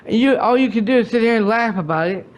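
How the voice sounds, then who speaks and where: A man's voice: very high voice, quick pace. A man, hosting a gaming channel, ranting and scolding a friend with angry repeated restarts. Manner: angry, repetitive, stumbling restarts.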